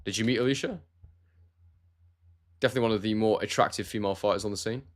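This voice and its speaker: A man's voice: on the low side, quick pace. A man with a neutral southern English accent, hosting a casual live stream and chatting about boxing while reading out viewer comments. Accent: neutral southern English, no regional trace. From Scotland. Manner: relaxed, chatty, addresses viewers as mate. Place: warm room at home.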